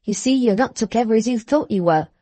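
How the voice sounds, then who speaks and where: A woman's voice: fairly high pitch, lively intonation, fast, mellow, no room sound. A woman reading the part of a boastful, teasing young boy in an audiobook, speaking with a superior air.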